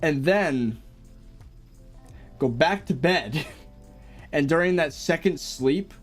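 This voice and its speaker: Young American male streamer, laid-back chat, animated pitch, faint music bed. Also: takes it slowly. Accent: General American. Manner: laid-back, chuckles often, lively up-and-down delivery. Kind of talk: casual live-stream chat, reading viewer messages.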